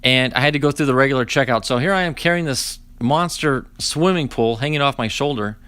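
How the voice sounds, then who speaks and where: Man in his 40s streaming a card break, chatty, sarcastic storyteller, animated greetings to chat. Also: mid-range voice, brisk, smooth, no echo. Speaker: host opening card packs.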